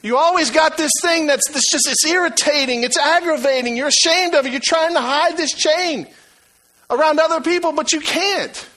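A man preaching a sermon, emphatic and repetitive, swinging from loud to hushed. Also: very high-pitched, normal speed, poor audio.

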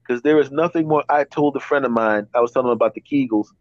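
A man's voice: medium pitch, fast, no echo. Fifty-something guy rambling through a story, lots of restarts, dull dry mic. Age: 50s. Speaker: podcast host. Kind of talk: casual podcast chat.

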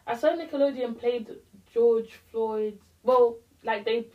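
A woman's voice: a little high, fairly even intonation, a little slow, distant mic, highs cut off. A young woman in casual podcast chat, speaking passionately and heating up into a rant. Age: young adult. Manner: impassioned, rising to a heated rant. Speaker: podcast co-host.

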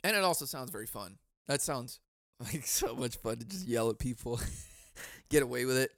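A man's voice: medium pitch, moderate pace, gravelly, no echo, studio quality. Laughing, cursing man on a podcast. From Southern California. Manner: profane, laughs often, bursts into loud mock yelling. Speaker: podcast host. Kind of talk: casual solo podcast chat. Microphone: boom mic.

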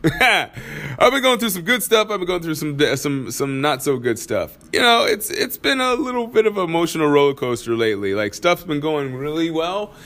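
A man's voice: fairly high pitch, big pitch swings, normal speed, a bit bright. A man hosting his own podcast from a studio, talking casually, using slang and laughing often. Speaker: podcast host.

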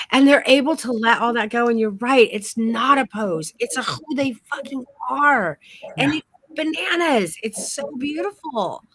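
A woman's voice: a little high, expressive, a little slow, a bit bright. A woman teaching a photography course, giving gushing, effusive praise to a student over a live stream. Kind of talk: live-streamed critique session.

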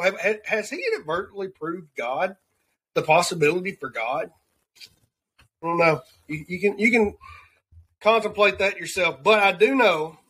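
A man from the Southern United States, with a Southern accent and a fairly high, fairly bright voice, gives an earnest, rambling devotional segment on a talk show as podcast host. He repeats words while searching for them.

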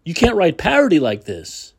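Husky guy ranting on his talk show, voice swings all over, sarcastic and salty. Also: on the high side, wildly swooping pitch, normal speed. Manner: combative, sarcastic, profane. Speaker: political talk show host. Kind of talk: opinionated monologue.

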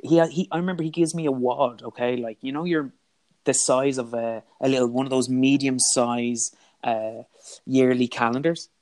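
A man's voice: mid-range voice, steady tone, normal speed, a little mellow. An Irish man, a guest in an interview, candidly retelling a personal story with frequent restarts and quoted dialogue.

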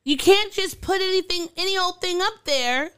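A woman with a very high, slightly bright voice talks at normal speed, with no room sound in the recording. As a podcast co-host, she giggles through odd news stories in a rambling casual chat, using fillers and starting over often.

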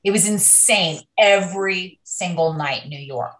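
Middle-aged actress as a talkative interview guest, lowish voice, roomy echo. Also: female voice, a little slow, fairly bright tone. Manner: chatty, rambling storyteller with many restarts. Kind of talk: casual interview chat.

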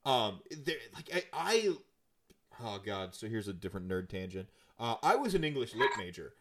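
A man's voice: fairly low pitch, very animated, normal speed, fairly bright tone. A man with a Midwestern American accent in a rambling casual chat, full of fillers and restarts, swearing now and then.

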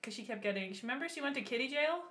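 A woman's voice: sits high, lively intonation, rapid-fire, fairly bright tone. A woman chatting casually with friends in a laid-back, offhand way. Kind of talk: casual chat.

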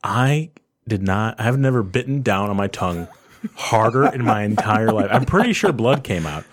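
A man's voice: lowish voice, lively intonation, moderate pace. Man laughing through a shared memory. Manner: laughing, emphatic retelling. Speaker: friend in the story. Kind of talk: casual storytelling chat.

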